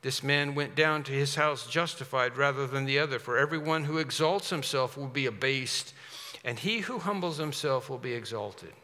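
A man's voice: medium pitch, normal speed, pushed and bright. A man preaching a sermon with emphatic delivery, putting rhetorical questions to his congregation. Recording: long reverb of a large hall.

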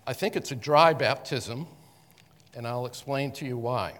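A man of mid pitch explains Scripture to a congregation in a loose, conversational style. He stops to correct himself and restarts his phrases often. His voice rings with the long reverb of a hall. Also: fairly bright tone. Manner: halting, with frequent restarts and self-corrections. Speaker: Bible teacher. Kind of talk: conversational Bible teaching to a congregation.

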